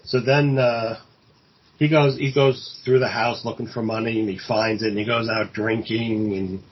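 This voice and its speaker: Podcast co-host, male, husky voice, halting casual plot recap, dull lo-fi sound. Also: on the low side, fairly even intonation. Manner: halting, many fillers and restarts, acts out quoted lines. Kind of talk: casual chat retelling a film plot.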